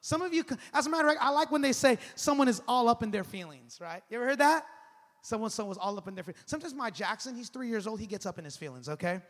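A man in his thirties preaching a sermon as pastor, animated and conversational, calling on the congregation to respond. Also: very high voice, rapid-fire. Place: large church hall. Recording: long hall reverb.

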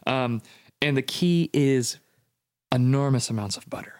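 Man, podcast host, mid pitch, playful, laughs a lot, casual interview. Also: measured pace, darkish tone, clean tone. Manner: playful, laughs often, teasing questions.

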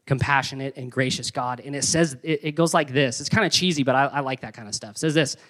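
A young man preaching a sermon in an energetic, conversational way with playful emphasis. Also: mid-range voice, fast. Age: young adult. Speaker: pastor.

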